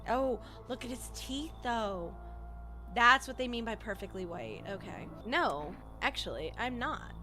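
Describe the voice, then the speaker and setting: Woman streamer, animated commentary, high bright voice, cusses freely. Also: measured pace, soft background music. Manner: animated, swearing, thinking out loud. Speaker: gaming streamer. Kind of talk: gameplay commentary.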